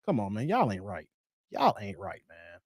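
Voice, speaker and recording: A man's voice: fairly low pitch, wildly swooping pitch, moderate pace, no room sound, studio quality. A man hosting his own live show, reading viewer comments aloud and taking their jokes with playful protest. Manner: joking, reacts to viewer comments. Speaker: host. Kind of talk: livestream chat reading.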